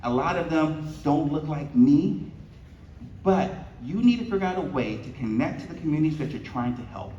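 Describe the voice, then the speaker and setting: A man's voice: high-pitched, slight background noise. A man in his fifties giving a keynote at a luncheon, telling stories and acting out the dialogue with humor. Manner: animated, acts out quoted dialogue, jokes with the audience. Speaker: keynote speaker. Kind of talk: storytelling keynote speech. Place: banquet hall. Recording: echoey, distant, slightly dull room recording.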